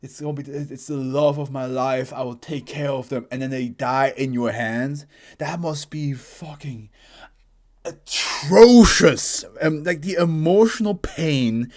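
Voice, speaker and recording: A man hosting a casual anime reaction, animated and profane. He laughs often and bursts into shouting. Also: mid-range voice.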